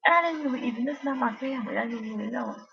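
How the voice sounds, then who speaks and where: A woman's voice: fairly high pitch, rapid-fire, creaky. A woman chatting casually on her vlog, telling a meandering story full of asides and restarts. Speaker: vlogger. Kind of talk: casual rambling chat. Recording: dull lo-fi recording.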